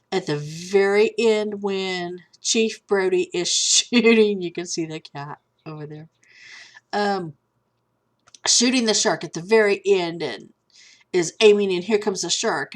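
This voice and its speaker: A woman, chatting casually at home in a video blog, candid and easily sidetracked. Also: lowish voice. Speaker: vlogger. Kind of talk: casual chat. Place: at home with a cat.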